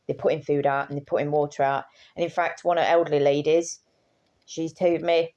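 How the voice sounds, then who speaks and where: A woman's voice: sits low, flat delivery, a little fast, a little mellow, dull audio. A tired woman, rambling in casual chat to her camera and swearing freely. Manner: chatty, swears casually, trails off and restarts. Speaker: vlogger.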